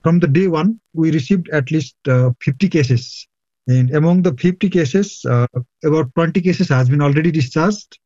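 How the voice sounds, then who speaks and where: A man from Nepal, a hospital medical superintendent, answering interview questions haltingly with many fillers. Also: fairly high pitch, warm tone, no echo. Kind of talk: phone interview. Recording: dull lo-fi line, dry.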